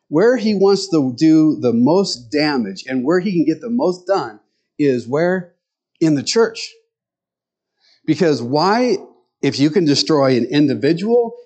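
A man's voice: on the high side, a little mellow. A male pastor giving a conversational sermon, full of rhetorical questions.

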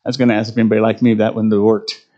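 A man's voice: lowish voice, level tone, rapid-fire, mellow, muffled recording. A middle-aged man preaching a conversational sermon, poking fun at himself and often asking "right?". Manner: conversational, self-deprecating, tags lines with "right?". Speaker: pastor.

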